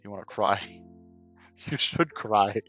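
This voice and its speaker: A man's voice: fairly low pitch, slow, fairly bright tone. A man streaming a game playthrough who reads its second-person narration aloud and comments on it as he plays. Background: faint game music.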